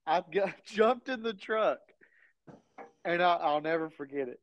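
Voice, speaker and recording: A man's voice: high-pitched, expressive, measured pace, background noise. A man telling a story as a podcast co-host, often laughing as he talks. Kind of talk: casual storytelling chat. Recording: dull lo-fi sound.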